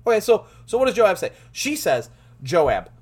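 A man teaching through a Bible passage in a lively way, laughing often and restarting his words. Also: high voice, brisk.

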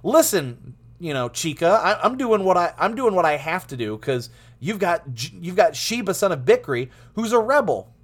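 A man's voice: sits high, big pitch swings, moderate pace, pitched above the performer's own voice. A man paraphrasing a blunt slangy army commander. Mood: dismissive.

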